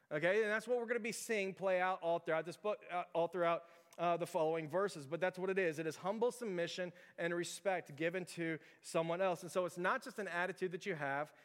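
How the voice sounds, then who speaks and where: Chatty pastor guy in his 30s, kinda high voice, talks quick, hall reverb. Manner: storytelling, conversational, chuckles often. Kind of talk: sermon.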